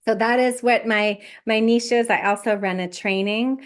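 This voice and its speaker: A woman guest on a podcast, a life coach explaining her work in a measured, step-by-step way. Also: fairly high pitch, steady tone. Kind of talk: explanatory interview talk.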